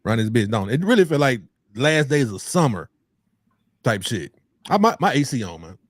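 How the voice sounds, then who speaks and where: A man co-hosting a casual podcast, relaxed and slangy, joking around with his partner. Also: medium pitch, brisk, no echo, clean studio sound. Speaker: podcast co-host.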